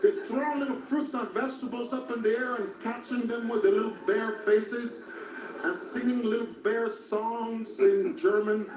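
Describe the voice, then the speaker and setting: A man doing stand-up comedy, telling a crude story in a deadpan way, recorded from far off in an echoey, noisy club. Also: very high-pitched, moderate pace.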